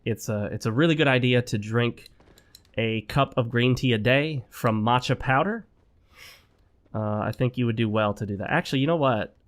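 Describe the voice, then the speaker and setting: A man's voice: medium pitch, normal speed. Man, gameplay commentary, talks straight to viewers, opinionated, slightly under the weather. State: sick. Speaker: gaming channel host. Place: home.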